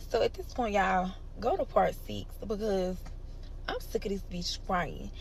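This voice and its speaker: A woman's voice: medium pitch, big pitch swings, unhurried, gravelly, a little hiss or hum. Fed-up, profane woman telling a story. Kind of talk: casual storytime.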